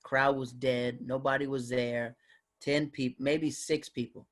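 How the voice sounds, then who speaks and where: A man's voice: medium pitch, little pitch movement, measured pace. A man, a guest comedian, telling stories in a casual podcast chat and acting out other people's voices. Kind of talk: casual storytelling in a podcast interview.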